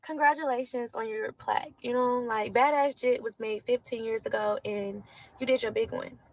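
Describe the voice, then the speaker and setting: A young woman, a content creator ranting loudly and sassily in a reaction vlog, swearing a lot. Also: a little high, moderate pace, gravelly, slight background noise, poor audio. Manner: loud, sassy, animated, swears a lot.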